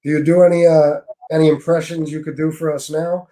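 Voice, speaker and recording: A man's voice: a little high, flat delivery, a little fast, a crowd in the background, poor audio. A man hosting a live-stream interview over a video call, easygoing as he reads out viewer comments. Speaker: live show host.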